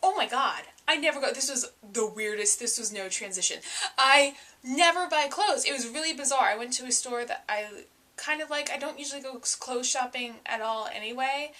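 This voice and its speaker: A woman's voice: high-pitched, brisk, bright, forceful tone, slight background noise. A young woman talking casually to camera in a vlog, chatty and self-mocking, with sudden dramatic bursts. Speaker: vlogger.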